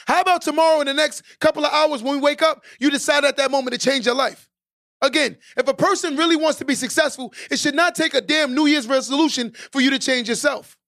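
A man with a strikingly high voice hosts a podcast and preaches motivation at the listener. He hammers his points home by repeating lines and climbs into shouted exhortations. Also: fairly even intonation, fast talker. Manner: emphatic and preachy, repeats key lines for stress. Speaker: podcast host.

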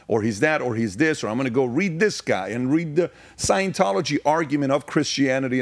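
A man from Iran in his forties, a podcast guest telling personal stories in an emphatic, repetitive way. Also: medium pitch. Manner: emphatic, fast-talking, repeats points for emphasis. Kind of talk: personal storytelling in conversation.

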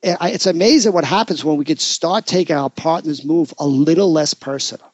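A male therapist talks through a podcast conversation in a soft, reflective manner. His voice sits slightly high for a man. It is recorded close and dry, with no room sound. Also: brisk, no echo.

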